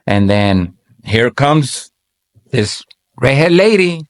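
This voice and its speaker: A man giving an earnest, halting personal faith testimony as a church member, often restarting his sentences. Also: mid-range voice, big pitch swings.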